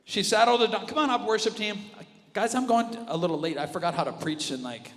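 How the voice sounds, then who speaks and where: A male pastor preaching an animated sermon, dropping to a hush and then rising loud again. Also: sits high, brisk. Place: church auditorium with reverb. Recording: live church audio with long reverb and music underneath. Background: worship music.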